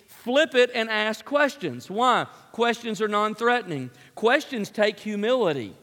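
A man's voice: high voice, unhurried, fairly bright tone. A man preaching a sermon, emphatic, repeating key phrases for effect. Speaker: pastor. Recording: long hall reverb.

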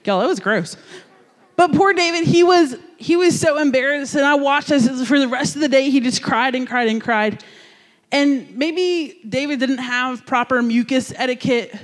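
A man from New Jersey giving a sermon as a youth pastor, telling a story in an animated, jokey, conversational way. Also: very high voice, normal speed, in a large hall.

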